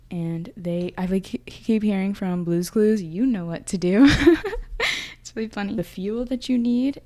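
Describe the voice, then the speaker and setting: A young woman reads tarot cards in a loose, chatty way, thinking aloud as the messages come to her. Her voice is mellow and soft-edged, sitting at a medium pitch. She sounds emotional and intuitive, often stopping to restart a thought. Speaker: tarot reader. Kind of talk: casual tarot reading.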